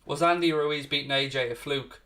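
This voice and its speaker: A man's voice: on the high side, moderate pace, sharp tone. Chatty Irish man hosting a watchalong. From Ireland. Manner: chatty, answers viewer questions, says "mate" often. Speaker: watchalong host. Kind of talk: casual live-stream chat.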